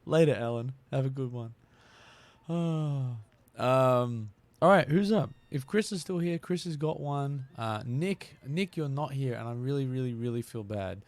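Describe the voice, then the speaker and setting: A man's voice: medium pitch, animated, measured pace, a little mellow, dry recording. Aussie guy streaming a game, rambly and chatty, laughs a lot, mid voice. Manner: chatty, laughs often, repeats words. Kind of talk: casual live-stream chat while gaming.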